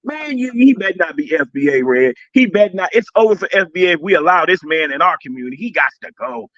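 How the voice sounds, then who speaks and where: A man co-hosting a casual talk stream, ranting loudly and mockingly at another creator. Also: high voice, fast, dry recording, muffled recording. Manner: loud, mocking, animated ranting. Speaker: co-host. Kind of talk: casual commentary chat.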